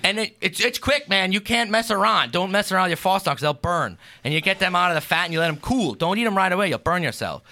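A man's voice: sits high, lively intonation, fast, few pauses, sharp tone, heavily acted. A man voicing a brash, folksy Pennsylvania Dutch home cook with a thick Pennsylvania Dutch accent, talking a blunt comedic bit on a talk show. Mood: boastful. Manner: boastful, folksy, blunt put-downs. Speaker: guest.

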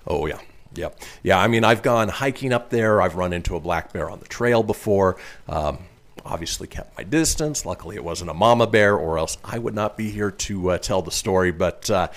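A man from northern Nevada hosting a radio talk show in a low voice. He reads stories aloud with chatty asides, his pitch swinging widely. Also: lively intonation, normal speed.

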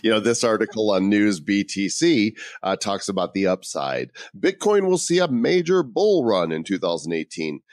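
A man's voice: fairly low pitch, sing-song, normal speed, hardly any pauses, darkish tone, dry recording, clean studio sound. A man co-hosting a podcast in casual chat, joking around and reading out bits of articles. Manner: joking, reads out article quotes. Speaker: podcast co-host.

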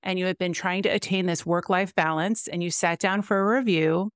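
A woman's voice: lowish voice, steady tone, a little fast, no echo, clean studio sound. A woman hosting a podcast, upbeat and chatty as she introduces her guest and asks questions. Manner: upbeat, chatty with filler words. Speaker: podcast host. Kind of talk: interviewing a guest.

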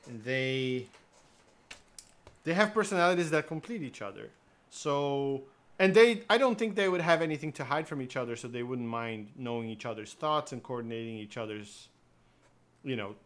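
A man's voice: medium pitch, fairly bright tone. A man co-hosting a casual podcast, talking through his ideas in a rambling, hesitant way. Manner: rambling, hesitant explanations with fillers. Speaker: podcast co-host. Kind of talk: casual banter.

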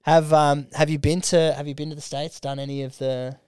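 A man's voice: a little high, little pitch movement, a little fast, darkish tone, clean tone, no echo, studio quality. A young Australian man telling stories in casual podcast chat, swearing freely and filling his speech with "like". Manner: laid-back storyteller, swears freely, lots of "like".

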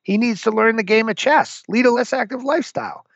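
A man's voice: very high voice, brisk, fairly bright tone, dry recording, highs cut off, pitched above the performer's own voice, full character voice. A man voicing a sour, fussy old male doctor who speaks in a prissy, blunt tone.

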